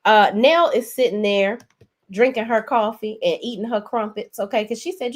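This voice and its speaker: A woman's voice: on the high side, normal speed. A woman hosting a reality TV recap, talking in a sassy, profane, emphatic way. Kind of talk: casual profane commentary.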